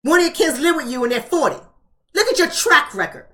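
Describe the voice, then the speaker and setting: A woman's voice: high voice, sing-song, fairly quick, a bit bright. A woman hosting a live-streamed book club, talking bluntly and emphatically and repeating rhetorical questions.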